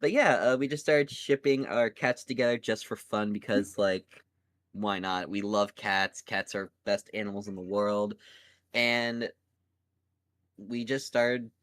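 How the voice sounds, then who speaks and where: A man's voice: on the low side, steady tone, a bit bright, no echo. A man, a voice actor, recounting how he got started in a casual, rambling way full of restarts, talking over an online call. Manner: rambling, halting storytelling with many restarts. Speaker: voice actor guest. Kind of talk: casual podcast chat.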